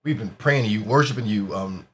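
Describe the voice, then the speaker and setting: A man chatting casually in a movie review, mostly low-key with short agreeing remarks. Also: fairly quick, a bit bright, slight background noise.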